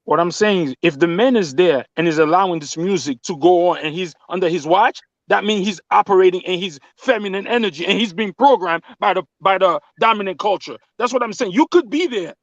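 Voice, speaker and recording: A man's voice: sits high, a little fast, hardly any pauses, dry recording, lo-fi sound. A man calling into a livestream, arguing passionately and repeating himself when pressed. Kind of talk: heated debate on a livestream call.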